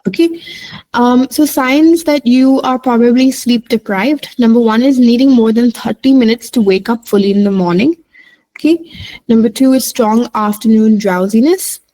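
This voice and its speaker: Mellow-voiced woman psychologist explaining. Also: on the high side, normal speed, rough recording. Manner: many fillers, lists points with "right?". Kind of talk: informal explainer talk.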